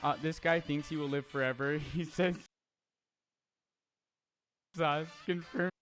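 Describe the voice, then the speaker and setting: A man's voice: on the high side, fairly even intonation, slow, fairly bright tone, faint music behind. A young man streaming live, reading chat aloud and answering in a brash, profane way with lots of stammered restarts.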